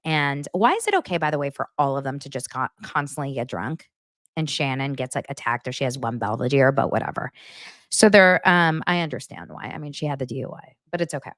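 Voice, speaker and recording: A woman's voice: rumbling low, a little fast, no room sound, clean studio sound. A woman hosting a chatty reality TV gossip recap, talking straight to her viewers. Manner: animated, chatty, addresses viewers directly. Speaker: host.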